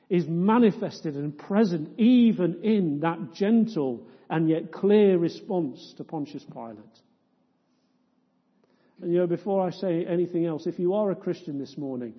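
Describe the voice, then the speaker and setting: A man preaching a sermon in a church, firing off rhetorical questions and swinging between loud, impassioned stretches and hushed ones. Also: fairly high pitch, husky. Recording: dull lo-fi sound with long church reverb.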